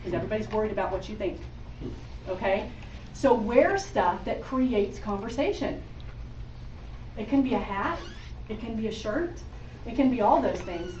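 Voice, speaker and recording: A woman's voice: mid-range voice, lively intonation, moderate pace, pauses often, darkish tone, slight background noise. Chatty woman giving a sales talk. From Oregon. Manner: chatty, laughing, addresses audience directly. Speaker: sales trainer speaking to a group. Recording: echoey room, distant mic, dull sound.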